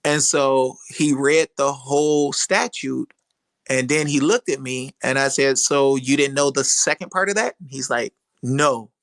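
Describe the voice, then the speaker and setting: A man's voice: mid-range voice, measured pace, fairly bright tone, dry recording. A man who hosts legal webinars, telling a story on a live audio chat and acting out the dialogue. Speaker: host of a legal webinar group. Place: live online audio room.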